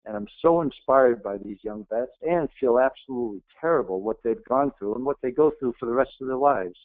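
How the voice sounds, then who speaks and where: A man's voice: mid-range voice, a little fast, no room sound. A middle-aged man giving an earnest, emphatic motivational talk as a guest speaker. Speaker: guest speaker, retired Navy SEAL. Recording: tinny phone-like, dry.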